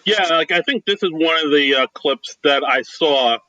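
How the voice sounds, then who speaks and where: A man co-hosting a casual podcast, talking loosely and haltingly with lots of "like" and "dude". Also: a little high, sharp tone, no echo, dull audio. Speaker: podcast co-host.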